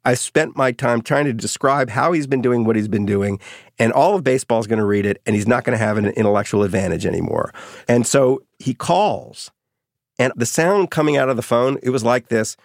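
A middle-aged man, an author being interviewed, telling anecdotes in a lively, casual way. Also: medium pitch, a little fast, no echo, clean studio sound. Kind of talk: storytelling interview.

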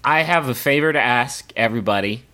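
A man's voice: mid-range voice, a little fast, bright, forceful tone. A man co-hosting a comedy podcast, rambling and swearing as he enthusiastically plugs a sponsor. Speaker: podcast co-host. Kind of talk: casual comedy chat.

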